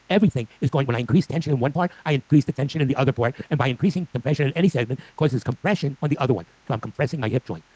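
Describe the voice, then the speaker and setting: A man's voice: mid-range voice, dark tone, slightly rough, dry recording, rough recording. An older man giving a live lecture to clinicians with slides, asking the audience questions and acting out patients' complaints. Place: lecture room.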